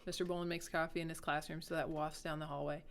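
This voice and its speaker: A woman's voice: deep voice, flat delivery, fast, a little hiss or hum. A woman who teaches English, chatting casually on a school podcast and explaining things patiently. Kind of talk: casual chat.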